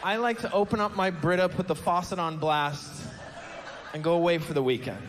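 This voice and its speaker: A man's voice: sits high, moderate pace, fairly bright tone, some chatter behind. A man in his fifties doing a stand-up comedy set on a club stage, telling wordy mock-pompous stories that build to emphatic punchlines. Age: 50s. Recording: noisy live stage recording.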